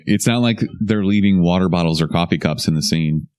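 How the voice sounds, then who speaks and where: A man's voice: deep voice, brisk, darkish tone. A young man co-hosting a podcast in casual chat, joking wryly with a dry, sarcastic edge. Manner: wry, joking, a little sarcastic. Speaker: podcast co-host.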